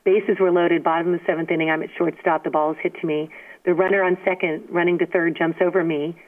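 A woman telling stories as a guest in an interview, speaking in an animated, emphatic way and often asking "you know what I mean?". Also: fairly low pitch, quick pace. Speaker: guest, former softball player. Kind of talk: storytelling interview. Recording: tinny phone line.

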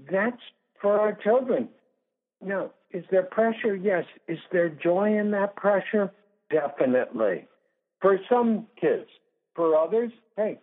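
A man in his sixties, a guest sports psychologist in a phone interview, talking emphatically and laying out numbered points. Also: high-pitched. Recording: tinny phone line.

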